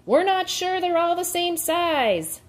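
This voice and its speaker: A woman's voice: medium pitch, sing-song, takes it slowly, faint music behind. A woman voicing a clever young male alligator in a storybook who grumbles and mutters. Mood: shouting. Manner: grumbling, then bold shouts.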